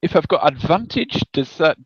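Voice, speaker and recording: A man playing a tabletop game, describing his character's actions in a hesitant, halting way. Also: a little high, lively intonation, breathy edge, no echo. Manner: hesitant, halting with many ums. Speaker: player. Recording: dull dry lo-fi mic.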